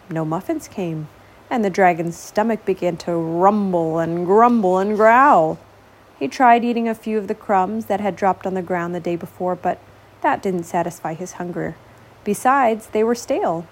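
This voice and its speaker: A woman reading a children's picture book aloud in a slow, expressive, gently dramatic way. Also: medium pitch. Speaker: storyteller. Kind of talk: storybook read-aloud.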